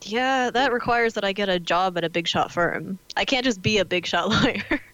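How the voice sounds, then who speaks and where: A woman's voice: mid-range voice, normal speed, fairly bright tone, muffled recording. A woman in her twenties, a law student, chatting casually with many fillers and frequent laughs. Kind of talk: casual chat.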